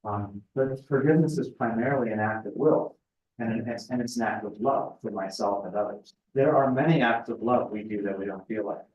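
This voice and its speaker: A middle-aged man speaking at a spiritual retreat in a conversational, thoughtful way, often pausing with fillers. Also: lowish voice, highs cut off. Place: retreat house meeting room. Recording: echoey room, voice picked up from a distance.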